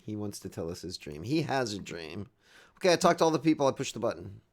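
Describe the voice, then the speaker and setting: A man's voice: lowish voice, very animated, fast talker, vocal fry. A man playing a game live, joking and rambling as he reads the on-screen text aloud. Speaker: game streamer.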